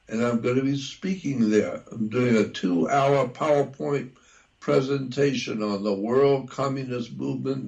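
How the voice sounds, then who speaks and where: An older American man talking slowly in a casual conversation, repeating himself and spelling words out. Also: mid-range voice, vocal fry, a little mellow, poor audio. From United States. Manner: slow and repetitive, spells words out. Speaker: talk show guest. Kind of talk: casual radio-style conversation.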